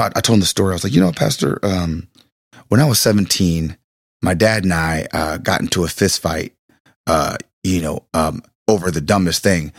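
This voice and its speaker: A man's voice: sits low, no room sound, clean studio sound. A man in his thirties, a pastor, chatting casually and telling an emotional personal story with stumbling restarts.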